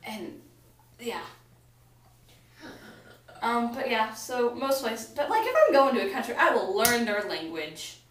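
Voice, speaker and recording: A young American woman chats on her vlog with a slightly high voice, full of fillers and giggles. She sits back from the mic, so her voice comes through distant and echoey. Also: very animated, measured pace, pauses often, a little hiss or hum. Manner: chatty, rambling, giggly, lots of fillers. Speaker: vlogger. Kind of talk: casual chat to camera.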